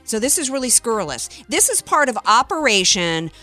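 A woman's voice: on the high side, big pitch swings, a little fast, pushed and bright, faint music behind. Sarcastic woman talk radio host. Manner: sarcastic, indignant, mocking. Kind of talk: opinionated political talk radio monologue. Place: radio studio. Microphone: close studio mic.

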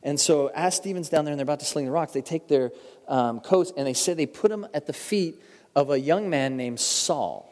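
A middle-aged male pastor giving a sermon, telling stories earnestly and slowing down for emphasis. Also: on the high side, a little mellow. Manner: earnest storytelling preacher, shifts pace for emphasis. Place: church sanctuary. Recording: long hall reverb.

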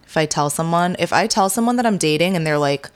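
A young adult woman speaking candidly as an interview guest, with many pauses and fillers. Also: fairly low pitch, animated, clean tone. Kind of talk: casual interview.

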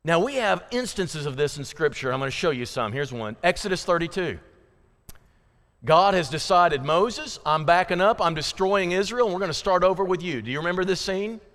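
A man preaching a sermon as pastor, reading scripture dramatically, swinging between loud pleading and hushed emphasis. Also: high-pitched, lively intonation, a little fast, long reverb tail.

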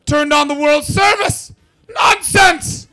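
A man voicing a stern, bitter old Englishman who scolds everyone, loud and strained. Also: very high voice, slow pace, voice pushed up, exaggerated voice. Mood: indignant scolding.

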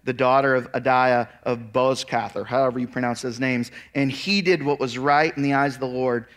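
A man preaching a sermon, reading scripture aloud and then retelling it as a lively story with casual asides. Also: mid-range voice, normal speed. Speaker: pastor. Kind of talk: expository sermon.

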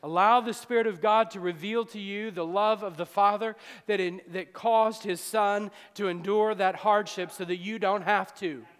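A male pastor preaching a fervent sermon, moving between soft confiding passages and loud shouted appeals. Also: high voice, fairly even intonation, normal speed, few pauses, smooth, big-room sound. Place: church sanctuary with long reverb.

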